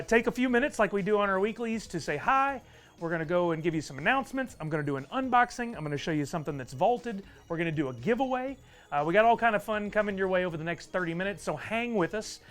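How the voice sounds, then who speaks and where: A man hosts a live stream with easy, upbeat chatter, calling out viewers by name. His voice sits high for a man. Faint music plays underneath. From Texas. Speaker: livestream host.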